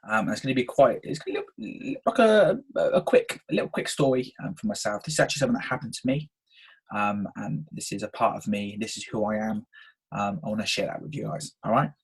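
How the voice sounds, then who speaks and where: A man's voice: lowish voice, steady tone, quick pace, husky, low-quality recording. A man, casually telling a personal story on his podcast and often checking in with "okay?". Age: 20s. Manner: chatty, frequent "um" and "okay?" check-ins. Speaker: podcast host.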